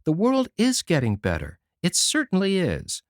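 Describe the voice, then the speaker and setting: A man's voice: sits high, huge pitch swings, moderate pace, no room sound, studio quality, voice pushed up. A man doing a timid, hopeful older woman. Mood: earnest hope. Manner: gentle, earnest, hopeful.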